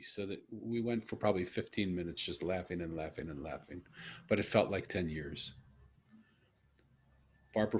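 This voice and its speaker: A middle-aged man telling a personal story in conversation, earnest and reflective, pausing and restarting as he goes. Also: low voice, slightly rough. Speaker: host.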